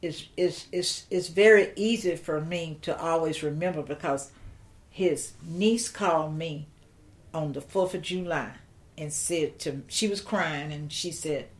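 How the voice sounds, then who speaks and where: During an interview, an older woman shares a personal story in a deep voice, slow and reflective, haltingly starting over.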